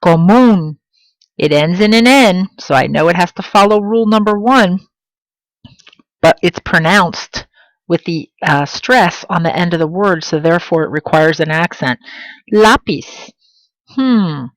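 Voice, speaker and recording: A woman's voice: on the low side, dry recording, low-quality recording. Woman teacher sounding out Spanish words. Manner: slow, emphatic pronunciation of example words. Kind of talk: classroom lesson.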